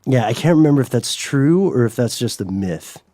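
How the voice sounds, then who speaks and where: A man's voice: mid-range voice, animated, normal speed, mellow, no room sound, studio quality. A man co-hosting a podcast, talking in a wordy, playful way with lots of fillers and restarts. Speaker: podcast co-host. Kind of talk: casual podcast banter.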